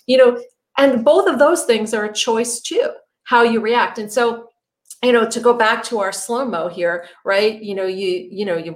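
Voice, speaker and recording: A woman's voice: medium pitch, a little slow. Middle-aged woman as a chatty acting coach leading a group session. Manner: conversational, peppered with "you know" and "right?".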